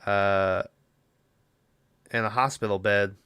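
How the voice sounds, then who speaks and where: A man's voice: lowish voice, fairly even intonation, slow, fairly bright tone, smooth, no echo, studio quality. Casual swearing man recapping a movie. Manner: rambling, swears often, lots of fillers. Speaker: podcast co-host.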